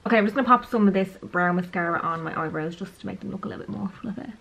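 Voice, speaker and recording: This is a young woman, talking her way through a quick everyday makeup routine. Her chat is casual and rambling, with little asides about how she looks while she works. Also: mid-range voice, vocal fry, fairly bright tone, low-quality recording. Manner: chatty, self-aware, talks while applying makeup. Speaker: beauty vlogger.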